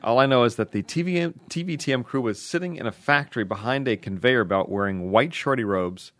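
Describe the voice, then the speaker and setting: A man's voice: medium pitch, a bit bright, no echo, studio quality. A man co-hosting a podcast, casually reading out listener emails with easygoing interjections. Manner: easygoing, quick agreeing interjections. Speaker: podcast co-host.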